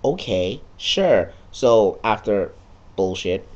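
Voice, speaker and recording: A man with a somewhat low voice talks through a video game he just played, casual and loose. He is sarcastic and swears freely, often breaking into quick quoted lines as he retells it. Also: sing-song, a little mellow, dull audio.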